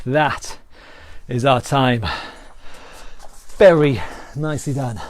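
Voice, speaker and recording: Upbeat British fitness coach, dry close mic. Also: male voice, a little high, normal speed, a little mellow, no echo. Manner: upbeat, encouraging counting and cueing. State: out of breath after exercise. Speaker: fitness instructor. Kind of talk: live online workout coaching.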